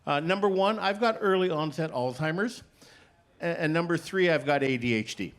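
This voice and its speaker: A middle-aged man performs stand-up on stage, his somewhat high voice swinging widely through each joke. He lands punchlines deadpan and plays both sides of the stories he tells. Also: moderate pace. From Canada. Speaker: stand-up comedian. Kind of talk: stand-up comedy set. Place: comedy stage before a live audience.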